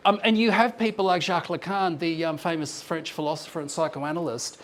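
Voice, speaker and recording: A man's voice: a little high, fairly even intonation, a little fast, fairly bright tone, slight background noise. Man giving an academic paper talk. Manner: thoughtful, explanatory, with frequent ums and restarts. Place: lecture room with slides on a screen.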